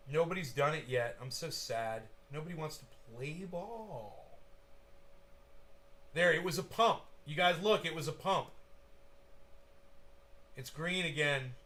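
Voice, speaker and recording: Excitable, profane man calling a live chart. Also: on the high side, unhurried, pauses often. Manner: excitable, profane, talks straight to viewers. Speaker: crypto livestream host. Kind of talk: live market commentary to a chat.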